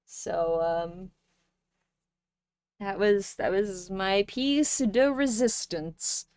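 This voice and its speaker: A young woman streamer chatting casually with her viewers, playful and joking, with sudden loud bursts. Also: medium pitch, very slow, smooth, no echo, clean studio sound. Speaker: live streamer.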